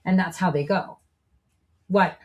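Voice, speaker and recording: A woman's voice: on the low side, fairly even intonation, measured pace, a little mellow, highs cut off. A woman hosting a show, delivering a preachy, profane monologue full of rhetorical asides. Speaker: show host. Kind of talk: monologue commentary.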